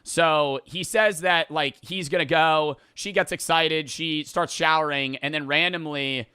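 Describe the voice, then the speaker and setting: Bright, crisp-voiced man rambling a story. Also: a little high, no room sound, studio quality. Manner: rambling, profane, animated retelling with quick asides. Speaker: vlogger retelling a movie plot. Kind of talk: casual storytelling.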